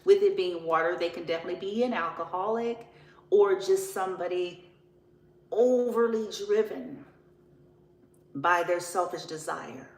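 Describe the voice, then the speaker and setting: A woman's voice: fairly low pitch, normal speed, a little mellow, reverberant, low-quality recording. Blunt, profane woman reading tarot. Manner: blunt, profane, laughing, drawling. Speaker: tarot reader. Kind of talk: casual tarot reading monologue.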